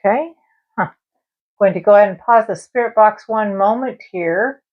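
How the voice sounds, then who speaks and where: A woman's voice: mid-range voice, normal speed, muffled recording. A woman hosting a spiritual live stream, chatting casually and talking straight to her viewers and the spirits. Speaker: live-stream tarot and spirit box host.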